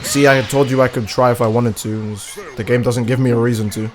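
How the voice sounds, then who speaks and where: A man live-streaming a game, chatting casually with his viewers and reacting loudly to the gameplay in a crude, animated way. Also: medium pitch, fairly quick, faint music behind. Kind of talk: casual live-stream commentary while gaming.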